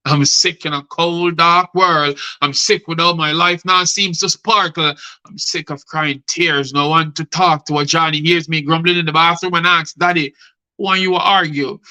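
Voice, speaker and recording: Bright-voiced man reciting spoken-word poetry. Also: on the high side, steady tone, moderate pace, smooth, low-quality recording. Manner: rhythmic spoken-word delivery, addressing guests by name. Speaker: host and poet. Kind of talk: reciting rhyming poetry on a live show.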